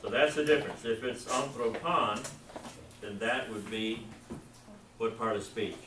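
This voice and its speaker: A man's voice: mid-range voice, steady tone, unhurried, far from the mic, background noise. A man teaching a Greek class and having the students repeat words after him in an encouraging way. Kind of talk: classroom lesson, drilling pronunciation. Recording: roomy classroom, recorded from afar.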